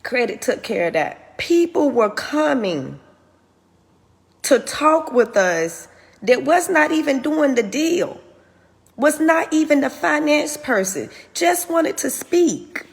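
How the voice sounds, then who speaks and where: A woman's voice: sits high, big pitch swings, slow, vocal fry, big-room sound. A woman hosting her own show, candidly telling a personal testimony in an earnest, open way. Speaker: host.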